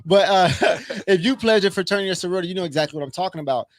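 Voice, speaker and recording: A man from Inglewood, California telling a personal story in a casual chat, animated, swearing freely and acting out what others said. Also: high-pitched, racing, dry recording.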